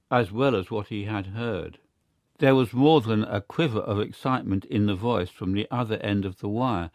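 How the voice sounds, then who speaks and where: A man reading a story aloud in a steady, even narrating delivery. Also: lowish voice, no echo, studio quality. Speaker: audiobook reader. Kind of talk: scripted narration.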